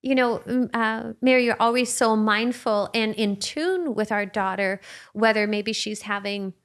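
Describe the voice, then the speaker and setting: A woman with a somewhat high voice talks through her thoughts on a podcast. She speaks reflectively and pauses to search for the right words in relaxed conversation. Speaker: podcast co-host. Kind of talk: casual conversation.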